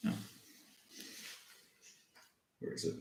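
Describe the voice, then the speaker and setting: An Australian man explaining video clips in an easygoing, halting way during a casual home livestream. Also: darkish tone, roomy sound, slight background noise, rough recording. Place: room at home with dogs.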